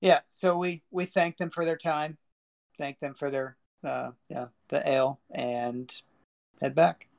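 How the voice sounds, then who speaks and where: A man playing a tabletop game, describing his actions in a casual, halting way. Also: a little high, steady tone, vocal fry. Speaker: player.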